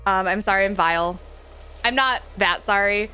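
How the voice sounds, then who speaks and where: With soft music playing behind her, this game streamer speaks at a moderate pace in a smooth, mid-range voice that's bright and forceful. She chats openly and playfully with viewers as friends, reads their messages, and laughs often.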